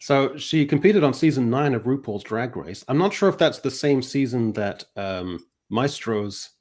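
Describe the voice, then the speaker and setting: A man's voice: mid-range voice, expressive, normal speed, a little mellow. A man hosting a livestream, chatting casually with a sarcastic, rambling delivery. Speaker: host.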